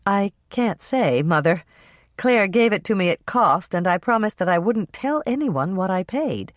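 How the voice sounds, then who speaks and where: Young baker woman, wry and patient, a bit higher, narrator doing her, close dry sound. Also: big pitch swings, measured pace, no room sound.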